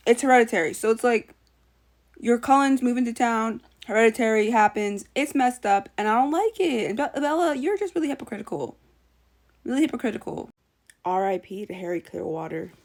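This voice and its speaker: A woman hosts her own vlog, sharing her opinions in a casual, animated rant. Her voice sits a little high, and she keeps a sassy, mocking edge throughout. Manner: animated, sassy, mocks characters in put-on voices. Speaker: channel host.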